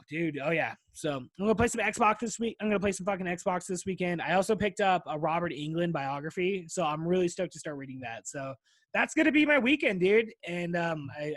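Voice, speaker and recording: Rambling, foul-mouthed male podcast host, high voice, dry close sound. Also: no echo. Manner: rambling, swears often, says "dude" constantly. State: voice wearing out. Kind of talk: casual solo podcast chat.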